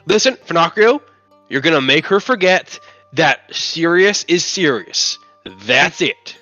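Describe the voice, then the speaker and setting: Exasperated, high-voiced male player. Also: animated, unhurried, bright, forceful tone, no room sound. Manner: exasperated, swearing, insistent. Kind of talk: in-character tabletop play. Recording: dry, dull stream audio, faint music.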